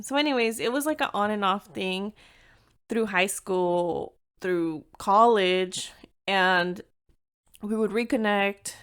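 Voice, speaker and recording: A young adult woman hosts her own podcast, sharing a personal story in a candid, chatty monologue at normal speed. Her mid-pitched voice is fairly bright, clear, and resonant. She swears freely and mixes in Spanish phrases.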